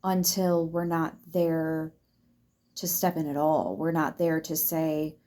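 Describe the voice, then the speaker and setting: A woman's voice: low-pitched, level tone, takes it slowly, mellow. A woman giving a casual tarot reading to her viewers in a chatty way, laughing often and swearing freely. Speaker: tarot reader.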